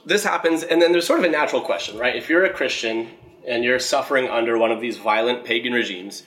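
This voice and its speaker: A man explaining a Bible passage in a relaxed, conversational way, often checking in with "right?" and reading scripture aloud. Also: medium pitch, quick pace, poor audio. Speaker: Bible teacher. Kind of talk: casual Bible teaching.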